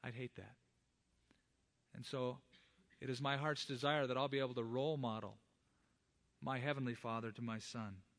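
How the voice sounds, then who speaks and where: A man's voice: medium pitch, steady tone, normal speed, pauses often. A middle-aged man, a pastor, preaching a sermon and earnestly addressing the fathers in the congregation.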